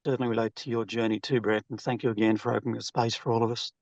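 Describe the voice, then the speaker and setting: A man's voice: medium pitch, little pitch movement, very fast, no room sound. A man on a group call sharing his personal story in an earnest, plainspoken way. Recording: dull, dry call audio.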